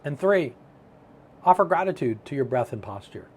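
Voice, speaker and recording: A middle-aged man giving a motivational self-help talk, animated and storytelling as he acts out his own thoughts. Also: medium pitch, normal speed, long pauses, a little hiss or hum.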